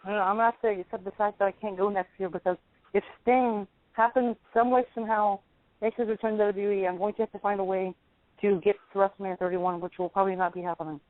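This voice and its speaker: A man co-hosting a casual wrestling radio show, eager and quick to rattle off names. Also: high voice, level tone, dry recording. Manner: quick, eager, listing names off the top of his head. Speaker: podcast co-host. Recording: tinny phone-line audio, dry.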